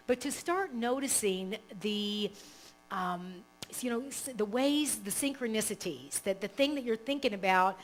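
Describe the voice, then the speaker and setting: A woman minister preaching a live sermon in an animated, conversational way, rambling and restarting as she talks. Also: mid-range voice, slight background noise, low-quality recording. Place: church service, live.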